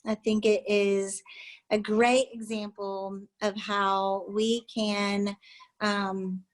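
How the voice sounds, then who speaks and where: A woman giving an encouraging talk on a video call, pausing often with "um". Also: medium pitch, level tone, poor audio. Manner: warm, encouraging, many "um" pauses. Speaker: guest speaker. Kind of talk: presentation and reading a children's book aloud.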